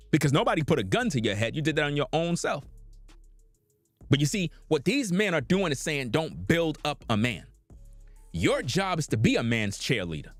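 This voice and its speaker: A man hosting a livestreamed reaction show, lecturing bluntly in slang. His voice sits somewhat high and moves in wide, animated swings. The sound is dry and close, with soft music behind him. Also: moderate pace, no echo. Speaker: reaction commentator.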